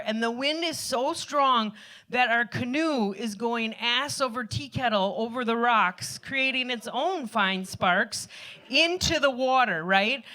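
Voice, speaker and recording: Woman, live stage storyteller, rambling and self-mocking, sharp bright tone. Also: fairly high pitch. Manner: animated, self-deprecating, rambling. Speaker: storyteller performer.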